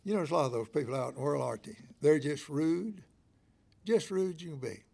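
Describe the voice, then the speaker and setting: An older man preaching a sermon in a fervent, folksy way, swinging from loud emphatic bursts down to quiet asides. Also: fairly quick, gravelly, slightly rough. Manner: fervent, rising to loud emphatic stretches then dropping low; folksy, acts out shop clerks and a church member in quoted voices.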